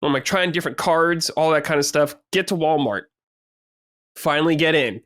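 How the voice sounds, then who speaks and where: A man's voice: a little high, normal speed, fairly bright tone, no room sound, clean studio sound. A man co-hosting a gaming podcast, telling a story in casual chat and swearing freely. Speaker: podcast co-host.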